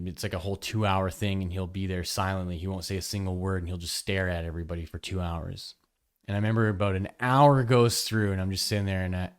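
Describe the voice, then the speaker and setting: A man's voice: deep voice, clean tone. A man who teaches yoga, hosting his podcast and telling a personal story in a frank, emphatic, conversational way. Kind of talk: candid podcast monologue.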